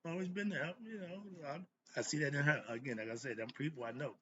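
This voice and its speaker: A man with a fairly high, slightly bright voice talks quickly in a casual solo chat, rambling loosely and self-correcting. The sound quality is dull and lo-fi, with faint noise.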